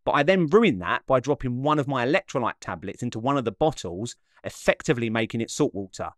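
A man's voice: medium pitch, animated, dry recording. Dry, close voice-over of a man. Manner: measured, slightly dramatic storytelling. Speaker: vlogger narrating his own run. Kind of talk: reflective voice-over narration.

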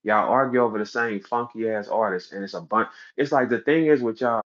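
A man's voice: a little fast, fairly bright tone. A man, running a battle rap league, rants boastfully and heatedly on a livestream, profane and brash. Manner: boastful, brash, profane and heated, voice jumping high when he acts out scenes. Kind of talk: unscripted livestream rant. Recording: slightly dull lo-fi audio.

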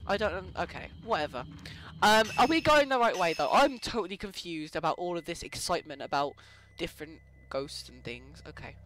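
A young man with a high, light voice chats through a horror game, rambling and joking with the ghosts on screen. The recording has a steady layer of hiss and game ambience behind him. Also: fairly quick. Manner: rambling, jokey, talks to the game's ghosts. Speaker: let's play gamer. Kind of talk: casual gameplay commentary.

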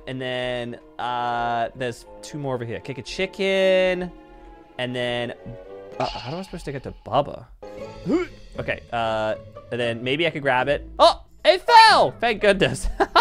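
A young woman hosting a game roleplay, bubbly and giggly as she plays and comments. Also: low-pitched. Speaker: gaming channel host. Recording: background music, faint.

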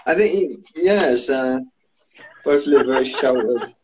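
A man's voice: mid-range voice, animated, unhurried, a little mellow, rough recording. A man from the Isle of Wight with a British accent, co-hosting a casual chat in a dry, laid-back manner. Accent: British English. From Isle of Wight, England. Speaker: podcast co-host.

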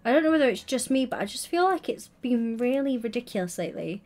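Excitable young woman streamer. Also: quick pace. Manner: gushing and excitable, with sudden high squeals. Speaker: livestreamer. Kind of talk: casual live stream chat.

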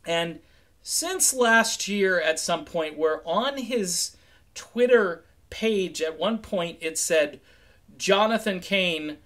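A middle-aged man from New England with a fairly high voice talks through music news in a relaxed, chatty commentary. He keeps it animated and conversational, now and then dropping into quoted voices. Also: slow. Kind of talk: casual commentary vlog.

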